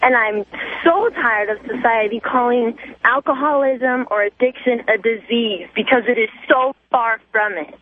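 A woman's voice: on the high side, normal speed. A woman calling into a talk radio show, speaking indignantly and with emphasis over a phone line. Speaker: caller.

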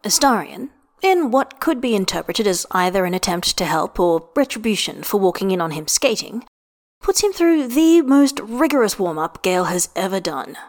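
Woman narrating a story, steady measured read, mid voice. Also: medium pitch. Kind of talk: scripted narration.

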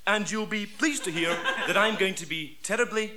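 Guy putting on a syrupy scottish interviewer, high lively voice, audience laughing. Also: moderate pace, a crowd in the background, natural voice. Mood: mock-nice. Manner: gushing, mock-polite. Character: falsely sweet male job interviewer.

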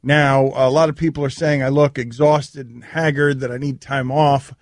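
A man's voice: medium pitch, steady tone, normal speed, no room sound. A man hosting a sports radio show in a studio, bantering and teasing his co-hosts in a wry, rambling way. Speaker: host. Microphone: studio mic.

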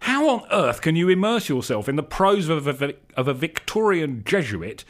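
A man voicing an excitable, panicky young man who screeches his lines in alarm. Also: brisk, vocal fry, full character voice. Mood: panicked. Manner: shrill, screeching, frantic.

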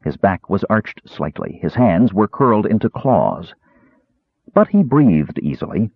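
A man narrating a fantasy audiobook with a very expressive delivery. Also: on the low side, slightly rough, dry recording. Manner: very expressive, wide-ranging delivery. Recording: dry, tinny phone-like sound.

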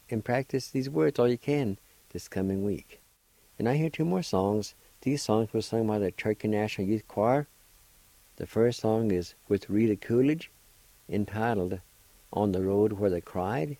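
A man hosting a radio language lesson, spelling out words letter by letter and repeating each pronunciation slowly and deliberately. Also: lowish voice, mellow, no echo, rough recording. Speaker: radio host teaching vocabulary.

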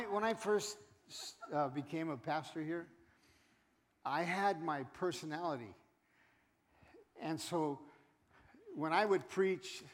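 A middle-aged man preaching a sermon as pastor, animated, swinging from loud exhortation to quiet asides. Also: a little high. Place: church sanctuary. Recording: long hall reverb.

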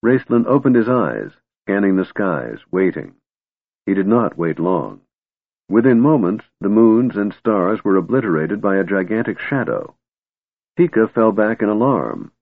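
A man narrating an audiobook in a steady, measured reading voice, on a tinny narrow-band recording. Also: on the low side, no echo.

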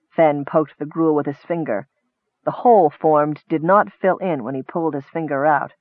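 A man reading a fantasy novel aloud in an even, measured narration. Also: fairly high pitch, no room sound. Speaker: audiobook narrator. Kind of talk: scripted narration. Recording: tinny phone-like audio.

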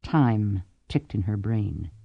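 A man narrating an audiobook in a measured, deliberate storytelling manner. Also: lowish voice, lively intonation, creaky, slightly rough, dry recording, muffled recording. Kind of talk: scripted narration.

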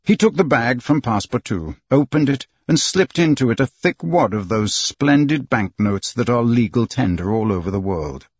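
A man reads a classic novel aloud with an expressive, storytelling delivery. His husky voice swings up and down with plenty of life. The sound is dry and muffled, as from a lo-fi recording. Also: mid-range voice, normal speed, few pauses, no echo. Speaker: audiobook narrator. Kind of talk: scripted narration.

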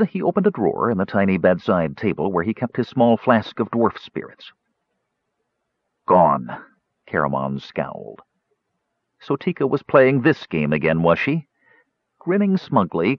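Deep-voiced, expressive male audiobook narrator. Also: normal speed, no echo. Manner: expressive, varied storytelling. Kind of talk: scripted fantasy narration. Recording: dull dry studio recording.

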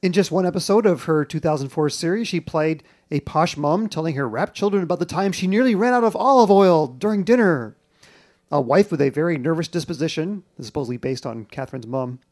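A man hosting a television podcast, narrating in a measured, informative way. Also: fairly high pitch, a little mellow. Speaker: podcast host. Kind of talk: scripted narration and chat.

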